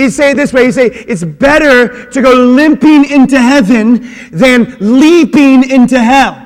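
A male pastor with a high voice delivers a sermon in a large church hall, and long reverb trails each phrase. He shifts between relaxed, conversational asides and loud, stretched-out emphasis, and he repeats key words to drive them home. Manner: swings from quiet chatty asides to shouted, drawn-out emphasis.

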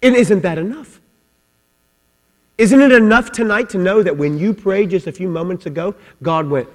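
A male preacher delivering a sermon with a notably high-pitched voice. He talks with passion, circling back over his phrases and pushing them harder as he builds. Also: expressive, measured pace, long pauses, darkish tone, big-room sound. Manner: impassioned, repeats phrases, builds to rising fervor.

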